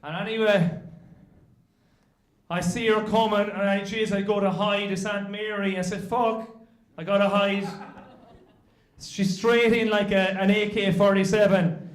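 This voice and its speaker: An Irish man doing stand-up comedy, his voice sitting fairly high as he tells a rambling, swear-laced family tale. His voice bounces around an echoey club room. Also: steady tone, moderate pace. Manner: swearing, self-deprecating anecdotes. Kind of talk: stand-up storytelling.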